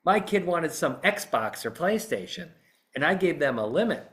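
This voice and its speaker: A man's voice: medium pitch, animated, normal speed, a bit bright. A middle-aged man, a trial consultant, telling a story in podcast talk and acting out how he would address jurors. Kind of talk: podcast talk acting out a voir dire example.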